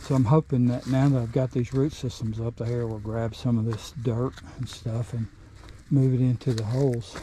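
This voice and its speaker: A man's voice: medium pitch, little pitch movement, warm tone, slight background noise, rough recording. A middle-aged man out of breath, rambling plainly while he works outdoors in the woods and vlogs. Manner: rambling, plain-spoken, pauses and restarts. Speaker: vlogger. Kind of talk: casual outdoor work vlog.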